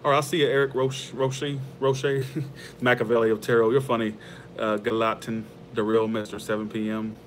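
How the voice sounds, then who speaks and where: Man, tarot livestream host, loose rambling chat, medium pitch, quick to laugh, faint hum behind. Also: little pitch movement. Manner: rambling, heartfelt, laughs easily. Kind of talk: casual livestream chat with viewers.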